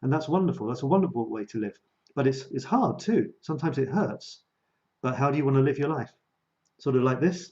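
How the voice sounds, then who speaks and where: A man coaches creativity on a live stream in a chatty, self-mocking way, laughing often and circling back over his words. His voice is warm and mellow at a middle pitch. The audio is a little dull and lo-fi. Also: expressive, a little fast.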